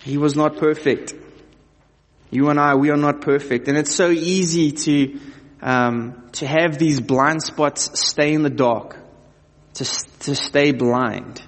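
A man preaching a sermon, reading scripture and then talking to the listeners in a conversational way, asking them direct questions. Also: on the high side. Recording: long hall reverb.

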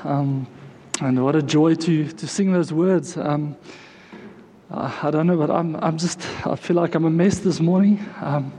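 A male pastor, emotional and near tears, preaching and praying with halting, repeated words. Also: fairly high pitch, warm tone, in a large hall, slight background noise. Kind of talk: sermon with prayer and scripture reading. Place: church sanctuary.

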